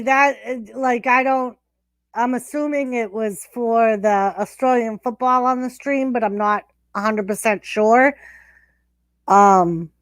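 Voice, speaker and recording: A woman's voice: a little high, no echo. A woman co-hosting a live stream, chatting casually and reacting to wrestling. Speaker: stream co-host.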